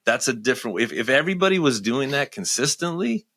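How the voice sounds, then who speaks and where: A man's voice: medium pitch, animated, quick pace, fairly bright tone, no room sound, clean studio sound. A man in his fifties, a podcast guest talking candidly and emphatically in a casual conversation in a home basement. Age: 50s.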